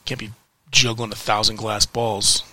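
A man ranting in a frustrated vlog, heated and swearing, repeating phrases for emphasis with weighty pauses. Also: lowish voice, little pitch movement, bright, forceful tone, no echo. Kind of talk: frustrated political rant to camera.

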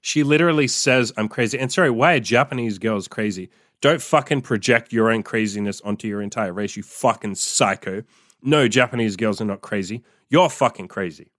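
Crude swearing podcast host. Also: male voice, fairly low pitch, fairly quick, a bit bright, no echo, clean studio sound. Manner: crude, swearing, exasperated asides. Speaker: podcast host and dating coach. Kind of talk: reading aloud and reacting to his own old story.

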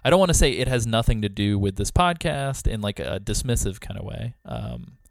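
A man talks casually on a podcast about leaving it, pausing and hesitating as emotion creeps in. The recording is dry, with no room sound. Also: lowish voice, sing-song, vocal fry, no room sound. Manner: reflective, a little emotional, hesitant. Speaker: departing podcast co-host. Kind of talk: casual chat.

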